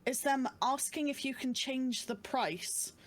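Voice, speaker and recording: A woman's voice: sits high, a little slow, no room sound. A woman guest on a casual podcast, chatting and adding short agreeing noises. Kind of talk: casual chat.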